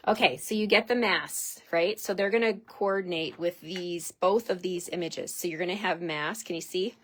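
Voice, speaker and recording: Hosting a live craft demonstration, a woman with a fairly low-pitched voice chats excitably and gushes over every product as she unpacks it.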